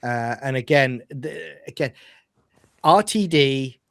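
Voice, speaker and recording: A British man co-hosting a fan podcast rants in animated, exasperated casual chat. He slips into mocking voices. The recording is close and dry, with no room sound. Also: mid-range voice, takes it slowly, gravelly, dry recording. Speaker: podcast co-host.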